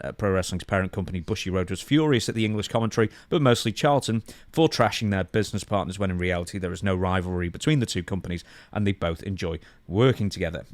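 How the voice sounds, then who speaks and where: A man's voice: sits low, dry recording. A man co-hosting a podcast, reading news quotes aloud and then commenting on them conversationally. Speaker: podcast co-host.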